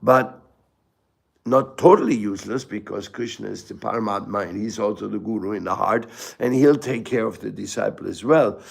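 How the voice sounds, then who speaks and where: Older man with a gravelly, husky voice. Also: on the low side. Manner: storytelling, halting restarts, rhetorical asides. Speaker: guru giving a spiritual talk. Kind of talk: informal spiritual lecture.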